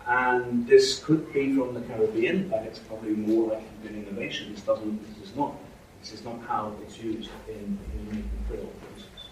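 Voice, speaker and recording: A man with a lowish, steady voice gives a university lecture briskly, hardly pausing, and keeps checking in with "okay?" and "right?" He's recorded from far off in an echoey lecture hall with faint noise.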